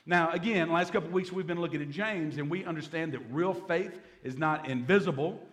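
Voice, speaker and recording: A man's voice: on the high side, brisk. A man, a pastor preaching a Bible-teaching sermon in a folksy way, with humorous asides.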